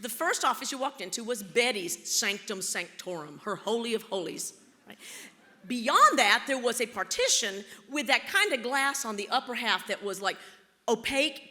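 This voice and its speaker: Woman keynote storyteller; bright, animated, playful, in a large hall with long reverb. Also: on the high side. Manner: theatrical, playful, teasing the audience. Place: large auditorium.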